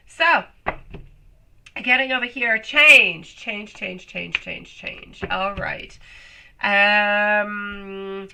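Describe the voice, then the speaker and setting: A woman's voice: a little high, sharp tone, slight background noise, poor audio. A woman doing a live tarot reading, chatty and affectionate, calling viewers sweetie and love, her voice still a little off while she recovers. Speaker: tarot reader.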